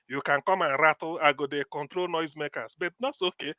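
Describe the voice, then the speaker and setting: A Nigerian man moderating a heated online debate. His voice is high and bright, close and dry. He repeats himself firmly to regain control. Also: steady tone, fairly quick, no room sound. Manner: firm, repeats himself to cut in.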